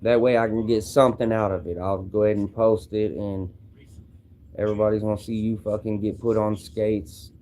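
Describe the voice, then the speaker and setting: A young Kentucky man holds a livestream, answering viewers' comments with brash, profane trash talk. His voice sits a bit low and has a dark, relaxed tone. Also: moderate pace. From Louisville, Kentucky. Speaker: streamer.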